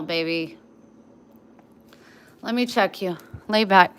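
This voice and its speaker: A woman vlogger in a casual home video, talking tenderly with frequent pauses and running short of breath. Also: mid-range voice. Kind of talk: casual home vlog, talking to her dogs and giving heartfelt advice.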